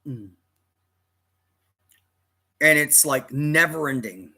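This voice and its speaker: Husky man telling a rambling story. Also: on the high side, takes it slowly, bright, forceful tone. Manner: rambling, dramatic, self-correcting. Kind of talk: casual personal storytelling.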